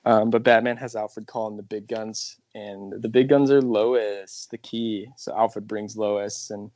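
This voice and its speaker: A man co-hosting a podcast, casually recapping film scenes in a relaxed way. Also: fairly low pitch, measured pace, no room sound. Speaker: podcast co-host. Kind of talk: casual film review chat.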